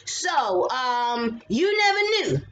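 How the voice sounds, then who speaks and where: Animated high-voiced woman vlogging. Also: takes it slowly, highs cut off, a little hiss or hum. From England. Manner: animated, chatty, swears freely, digresses. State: tired. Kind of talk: casual commentary to camera.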